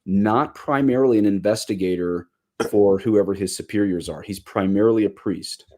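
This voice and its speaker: Animated man with a low voice. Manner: animated, quick asides, mock quoting. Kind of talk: casual chat.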